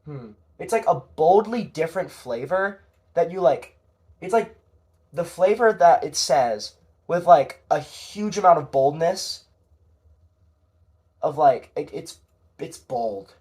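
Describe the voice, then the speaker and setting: A man's voice: on the high side, animated, takes it slowly, long pauses, a little mellow. A young man talking casually on his own, rambling and hesitant, with frequent fillers and casual swearing. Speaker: podcast narrator. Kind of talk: casual solo commentary.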